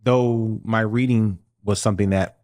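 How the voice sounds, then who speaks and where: Man, thirties, low voice, easygoing podcast chat, dry studio sound. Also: fairly even intonation, darkish tone, no echo. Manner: easygoing, drawn-out phrasing with fillers. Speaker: podcast co-host. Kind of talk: casual chat.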